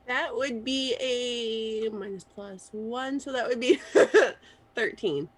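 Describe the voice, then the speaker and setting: A woman playing a tabletop role-playing game, making slow, wry remarks to the group. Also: fairly high pitch. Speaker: player. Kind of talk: casual tabletop game chat.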